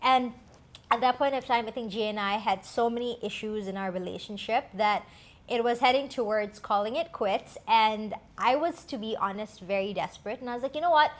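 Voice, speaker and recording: Woman co-host, fairly high voice, candid and reflective, casual personal storytelling. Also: moderate pace. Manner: candid, reflective, many fillers.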